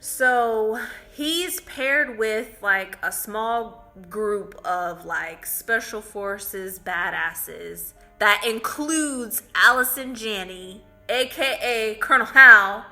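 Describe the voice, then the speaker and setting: A woman's voice: fairly high pitch, drawn-out words, few pauses, sharp tone, soft background music. A woman casually retelling a film's plot as a movie reviewer, chatty and full of "like"s. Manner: chatty storytelling with many "like"s. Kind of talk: casual spoken film recap.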